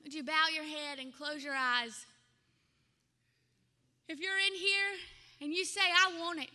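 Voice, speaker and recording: Very high-voiced, bright woman preaching. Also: a little slow, long reverb tail. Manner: emphatic storytelling preacher, repeats phrases. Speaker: pastor. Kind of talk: sermon. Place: church sanctuary.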